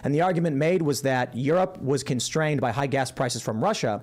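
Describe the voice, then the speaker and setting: A man's voice: medium pitch, a little fast, darkish tone. A man in a heated political debate who argues insistently and presses his opponent with yes-or-no questions.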